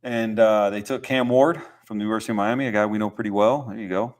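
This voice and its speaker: A young man hosting a podcast, talking football in a relaxed, rambling way with lots of fillers and easy laughs. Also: on the low side, fast talker. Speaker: podcast host. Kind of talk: casual sports chat.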